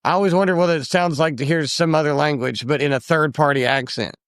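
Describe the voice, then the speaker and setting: A man's voice: fairly high pitch, fairly even intonation, fast, clear, resonant tone, no echo, studio quality. An American man co-hosting a podcast in casual chat, rambling through his ideas and restarting his thoughts. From United States. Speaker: podcast co-host.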